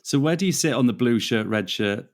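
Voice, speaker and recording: A man co-hosting a podcast, asking relaxed interview questions. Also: mid-range voice, a little fast.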